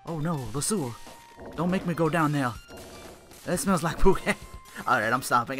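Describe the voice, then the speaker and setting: A man's voice: a little high, moderate pace, long pauses, fairly bright tone. Profane rambling man narrating gameplay. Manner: rambling, profane, joking asides. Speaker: let's play host. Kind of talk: casual gameplay commentary. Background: game music.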